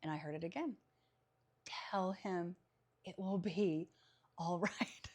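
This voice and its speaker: A woman who works as a psychic medium, telling a story in casual conversation as a podcast guest. She is animated, laughs often and acts out the voices she quotes. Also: on the low side, takes it slowly.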